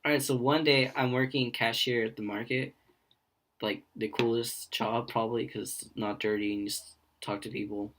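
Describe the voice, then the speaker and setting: A man's voice: mid-range voice, little pitch movement, normal speed, fairly bright tone, slight background noise. A young man co-hosting a casual podcast, telling rambling work stories and acting out the people in them. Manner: rambling storyteller who acts out quoted voices. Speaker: podcast co-host.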